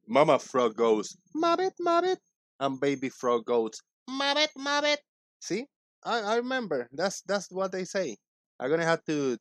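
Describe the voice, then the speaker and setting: Man, livestream host, casual chat, unhurried talk, dry close sound. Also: mid-range voice, no echo. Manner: upbeat, greets viewers by name.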